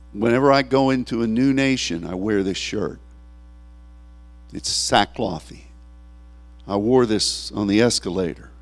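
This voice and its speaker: A man preaching a sermon as a pastor, animated and tearful, laughing at times and acting out the voices he quotes. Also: lowish voice.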